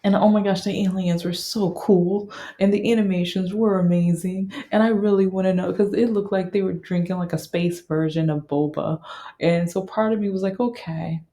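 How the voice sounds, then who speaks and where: A woman's voice: on the low side, steady tone, normal speed, dark tone, roomy sound. A woman talking casually about a film she loved, rambling with many fillers and restarts. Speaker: vlogger reviewing a film. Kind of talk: casual monologue.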